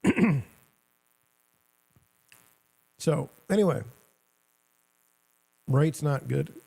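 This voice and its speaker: A man's voice: a little high, animated, drawn-out words, gravelly, mellow. A middle-aged man hosting a talk show, rambling and sarcastic in casual commentary, often cutting himself off mid-sentence. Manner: rambling, sarcastic, self-interrupting. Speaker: show host.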